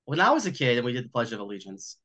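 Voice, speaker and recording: Texas guy in his 30s, podcast co-host, bright punchy voice, blunt jokey and profane. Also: medium pitch, big pitch swings, very fast. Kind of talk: casual chat.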